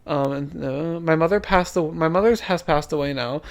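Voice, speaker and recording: A woman's voice: low-pitched, moderate pace. A woman, co-hosting a podcast, chatting casually and reading spooky stories aloud, swearing now and then. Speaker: podcast co-host.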